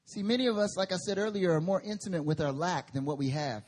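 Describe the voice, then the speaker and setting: Male preacher, fairly high husky voice, chatty sermon with forceful peaks. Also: fast. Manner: conversational, rising to forceful emphatic bursts. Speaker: pastor. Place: church service.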